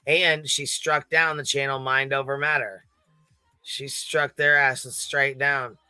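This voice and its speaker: Gossipy male stream host, bright crisp voice, dry close sound, laughs and swears a lot. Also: medium pitch, little pitch movement, takes it slowly, no room sound, soft background music. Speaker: livestream panel host. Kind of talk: casual profane commentary.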